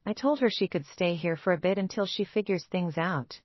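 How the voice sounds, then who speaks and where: A woman voicing a young husband who speaks in a soft, placating tone, read in a storybook style. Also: fairly low pitch, lively intonation, moderate pace, dry recording. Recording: dull, dry lo-fi recording.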